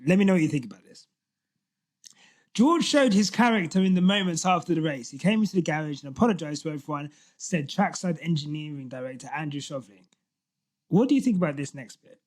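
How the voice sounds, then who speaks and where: A man co-hosting a podcast in casual chat, animated and often laughing as he reads posts aloud. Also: a little high, fairly quick. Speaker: podcast co-host.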